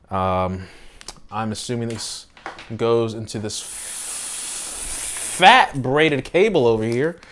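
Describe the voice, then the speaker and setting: An excitable man records a casual late-night unboxing in his home. He sounds slightly out of breath. His pitch leaps around in lively swings between hushed asides and loud exclamations, with faint noise behind him. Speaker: tech unboxing vlogger.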